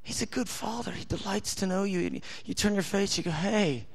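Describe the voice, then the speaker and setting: High-voiced preacher, soft and intimate. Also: male voice, fairly quick, vocal fry. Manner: intimate, tender, acts out God's voice softly. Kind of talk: sermon.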